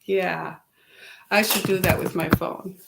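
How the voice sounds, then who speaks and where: A woman's voice: on the low side, steady tone, slow, vocal fry, reverberant, heavy background noise. A woman hosting her web series, talking casually to camera, tired and a little wheezy from lack of sleep, with a chatty, exasperated, rambling manner.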